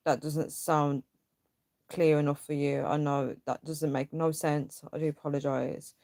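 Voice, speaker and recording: Casting: young woman, lowish voice, dry close sound, rambling livestream chat full of fillers. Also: level tone, slow pace, long pauses, a little mellow, dry recording. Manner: rambling, filler-heavy, frustrated venting. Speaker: livestream host. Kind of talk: casual livestream chat reading comments.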